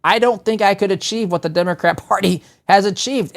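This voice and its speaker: A man's voice: high voice, brisk, creaky, hardly any pauses. A man hosting a political talk show, commenting in a sarcastic, exasperated way. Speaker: talk radio host.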